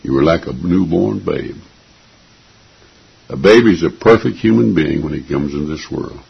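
A man preaching with a very deep, gravelly and raspy voice, slow and deliberate. He is earnest and emphatic, repeating key phrases for weight. The recording is dull and lo-fi. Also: animated. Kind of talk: sermon.

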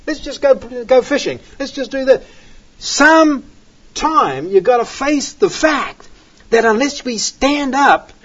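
Husky, emphatic preaching man, lo-fi. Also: very high-pitched, expressive, takes it slowly. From outside the United States. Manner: emphatic, repeats key phrases, swings between loud and soft. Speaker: Bible teacher. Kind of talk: preaching a Bible study. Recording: dull lo-fi recording.

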